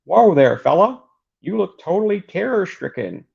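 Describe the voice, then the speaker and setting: Brief: man doing a raised, gravelly questioner, quizzing insistently, lo-fi. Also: very animated, normal speed, darkish tone, exaggerated voice. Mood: questioning. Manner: pressing questions, raised pitch. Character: calm man questioning a frightened fugitive. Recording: dull lo-fi recording.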